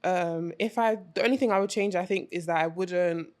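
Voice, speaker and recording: A woman co-hosting a casual podcast, telling relaxed anecdotes and dropping Nigerian slang into her talk. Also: on the low side, fairly quick. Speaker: podcast co-host.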